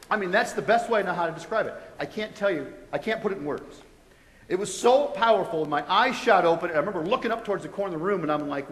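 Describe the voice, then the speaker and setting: A man giving a testimony to students, telling it in an animated way and acting out his own reactions. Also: high voice, quick pace. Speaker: guest speaker sharing a testimony. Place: large college hall. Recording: echoey hall.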